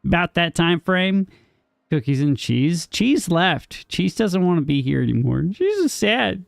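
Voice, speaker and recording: A man's voice: a little high, a little slow, gravelly, no room sound, clean studio sound. A man streaming a game live, joking playfully with his chat, answering viewers by name and laughing often.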